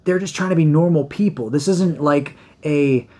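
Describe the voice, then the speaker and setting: A man co-hosting a podcast, giving a measured, hedging movie review in casual chat, often restarting his sentences. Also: fairly high pitch, darkish tone. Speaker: podcast co-host.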